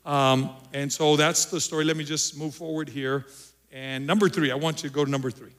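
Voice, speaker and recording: A male pastor preaching a sermon, repeating phrases and moving between loud emphasis and quiet. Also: on the high side, fairly even intonation, brisk.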